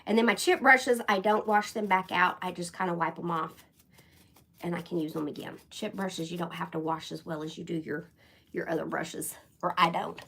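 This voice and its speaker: A middle-aged woman from Oklahoma with a light Oklahoma twang, chatting folksily with her viewers as she shows a craft project and thinks out loud. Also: on the low side, fairly even intonation, moderate pace, gravelly, husky. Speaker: crafting livestream host. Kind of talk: casual craft tutorial chat.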